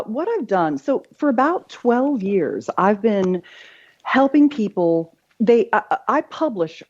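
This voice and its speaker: A woman's voice: fairly low pitch, muffled recording. Bubbly middle-aged woman on a call. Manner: bubbly, laughs often, candid. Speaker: podcast guest, sex educator. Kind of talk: casual interview chat.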